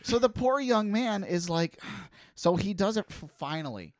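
Profane storytelling man, slightly high voice. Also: measured pace, no room sound, clean studio sound. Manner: profane, animated, acts out voices of people in his stories. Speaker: podcast co-host. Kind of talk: casual storytelling chat.

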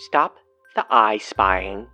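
A man doing a stern, menacing guy who drags every word out, deep and slow. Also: lively intonation, bright, forceful tone, soft background music, heavily acted. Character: stern, slow-speaking man warning off a watcher.

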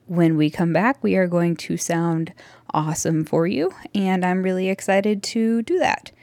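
Out of breath lady podcaster rambling at home, lowish voice, dead dry sound. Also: a little slow, a little mellow, dry recording. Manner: chatty, apologetic, rambling with many fillers. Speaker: podcast host. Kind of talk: casual solo update. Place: dining room at home. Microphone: close handheld microphone.

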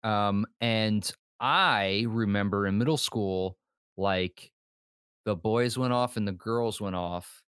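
A man's voice: lowish voice, takes it slowly, a bit bright, smooth, no room sound, studio quality. A man as guest on a podcast, rambling through casual chat and laughing often.

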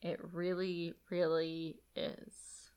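A woman's voice: fairly low pitch, extremely slow, clear, resonant tone. A woman co-hosting a podcast, casually recapping a TV episode, agreeing often and using a lot of filler words. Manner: relaxed, lots of "like" fillers and agreeing "yeah"s. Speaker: podcast co-host.

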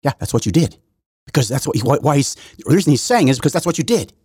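A man's voice: mid-range voice, sing-song, quick pace, a little mellow, slightly rough, no echo. A middle-aged man hosting an opinion podcast, talking in a sarcastic, mocking way with many repeats and restarts. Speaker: podcast host. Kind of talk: opinion commentary monologue.

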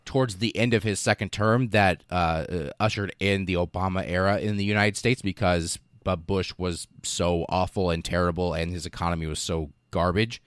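A man's voice: deep voice, fairly even intonation, normal speed, few pauses, smooth, no room sound, clean studio sound. A man hosting a casual history podcast, irreverent and sarcastic, swearing often and acting out quotes in silly voices. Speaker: podcast host.

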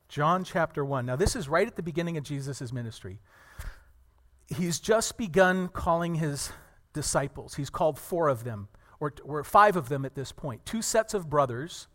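A man preaching a sermon to a congregation, earnest and animated, telling stories and acting out the people in them. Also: on the high side, in a large hall. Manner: earnest, animated storytelling with acted quotes.

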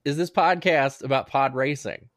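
A young man co-hosts a comedy podcast with dry, deadpan jokes and feigned innocence. His voice is medium in pitch and recorded close and dry. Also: normal speed, dry recording. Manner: dry, deadpan, mock-naive. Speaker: podcast co-host. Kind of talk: casual comedy podcast chat.

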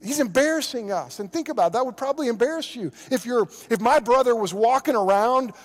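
Pastor from Oklahoma, high tenor, earnest sermon with stumbling restarts, long reverb in a church hall. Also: male voice, fast. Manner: earnest, repeats words on restarts, acts out quoted voices.

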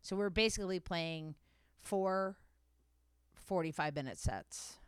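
A woman's voice: fairly low pitch, slow pace, smooth, no room sound. A woman hosting a podcast, telling a story in casual chat, swearing freely and correcting herself as she goes. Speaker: podcast host.

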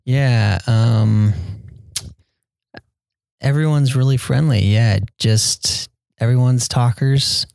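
A young man talking casually as an interview guest about his mission, hesitant, with many pauses and fillers. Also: medium pitch, gravelly, no echo. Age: young adult. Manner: soft-spoken, hesitant with many ums, quotes people in a raised voice.

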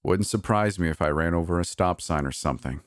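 A man narrating a first-person story in a steady, earnest reading. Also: low voice, a little fast, dry recording, clean studio sound.

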